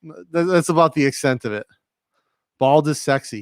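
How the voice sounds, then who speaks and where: A livestream host from Rhode Island, USA, talks from his home studio with a slight New England accent, chatting casually, reading viewer comments, and addressing viewers directly in a rambling, relaxed style. His voice is on the high side, expressive, clear and resonant, at a moderate pace with no echo.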